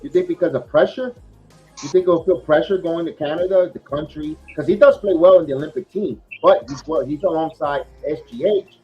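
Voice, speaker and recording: A man's voice: a little high, a little fast, soft background music. A man hosting a casual sports podcast, talking in a rambling way with lots of fillers and restarts. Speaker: podcast host. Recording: dull lo-fi podcast audio.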